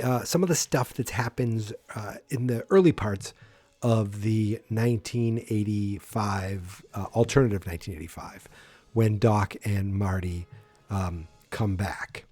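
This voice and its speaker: A man's voice: on the low side, mellow, husky, dry recording. A man hosting a solo podcast, chatting in a rambling, self-deprecating way with lots of ums, close to his mic. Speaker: podcast host.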